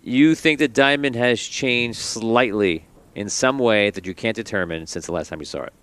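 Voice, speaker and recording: A man narrating calmly as game master of a tabletop game, with casual fillers. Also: on the low side, smooth, no echo. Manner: calm, measured scene narration with casual fillers.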